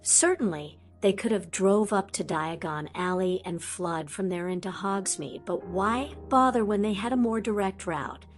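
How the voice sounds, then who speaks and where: Female audiobook narrator, even scripted reading, faint music bed. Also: mid-range voice, unhurried, hardly any pauses.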